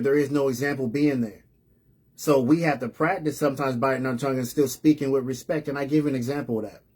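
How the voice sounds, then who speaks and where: A man hosting a live online show, telling a story to his audience in a casual, earnest way, often repeating and restarting words. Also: medium pitch. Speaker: host of a live reseller news show.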